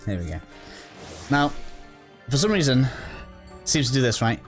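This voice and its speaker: A gaming YouTuber gives a casual, rambling walkthrough of a video game, full of fillers and restarts and a little out of breath. His medium-pitched voice is sing-song and a bit slow, with faint music behind.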